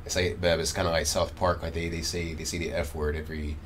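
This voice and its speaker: A man hosting a casual interview, asking questions in a relaxed, easygoing way. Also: low-pitched, fast talker, slight background noise. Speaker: host.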